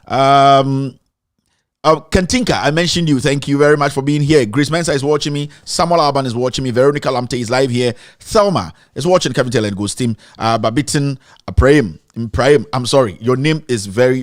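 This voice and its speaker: A man's voice: mid-range voice, no echo, studio quality. A Ghanaian man hosting an online live show, greeting viewers by name, then ranting animatedly in a mix of English and Twi. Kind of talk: casual live-stream commentary.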